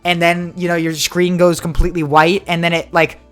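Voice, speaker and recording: High-voiced animated young man. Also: faint music behind. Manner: animated, swings into quick voiced impressions. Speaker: podcast co-host. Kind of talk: casual chat.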